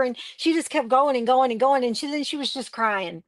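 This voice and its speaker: Co-host, woman, slightly high pitch, dry close mic, chatty storyteller with lots of fillers. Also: a little fast, hardly any pauses, no echo. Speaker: co-host of a crafting livestream. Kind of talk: casual livestream chat.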